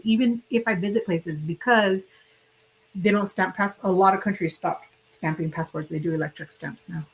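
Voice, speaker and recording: A woman's voice: mid-range voice, vocal fry, fairly bright tone, slight background noise, rough recording. A woman hosting a casual livestream, chatting and rambling directly to her viewers while sick and hiccuping. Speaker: livestream host.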